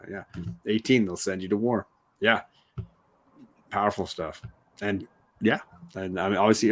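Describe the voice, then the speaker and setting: A man's voice: lowish voice, fairly bright tone. Enthusiastic male stream host. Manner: enthusiastic, often ends with "right?". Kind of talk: casual comic book discussion.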